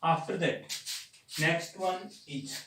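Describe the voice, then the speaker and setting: Indian english guy teaching grammar, super slow, repeats stuff, kinda high voice, echoey room. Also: recorded from a distance, background noise. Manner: slow and deliberate, repeats words for emphasis. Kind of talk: grammar lecture. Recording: echoey room, voice set back from the mic.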